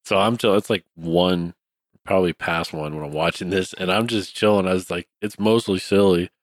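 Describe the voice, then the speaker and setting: A laid-back man with a notably deep, low voice, talking through a horror movie with a friend. He sounds relaxed and easygoing, quick to laugh. The recording is dry and close, with no room echo. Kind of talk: casual horror movie review chat.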